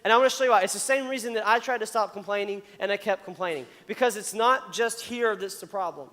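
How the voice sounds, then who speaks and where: High-voiced man preaching in reverberant hall. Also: fast. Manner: animated, chatty, playfully acts out complainers. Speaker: youth pastor. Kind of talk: youth sermon. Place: church auditorium.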